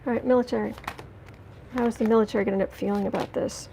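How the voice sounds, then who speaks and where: A woman giving a livestreamed tarot reading, talking indignantly and emphatically with halting restarts as she greets chat. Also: fairly high pitch, steady tone, gravelly, mellow, a little hiss or hum, low-quality recording. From United States. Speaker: tarot reader.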